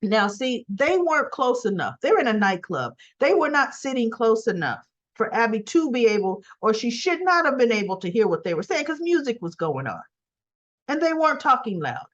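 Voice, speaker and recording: A woman's voice: fairly high pitch, big pitch swings, normal speed. A woman casually retelling a soap episode in a chatty way with frequent asides, in a dull lo-fi recording. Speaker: soap opera recap vlogger.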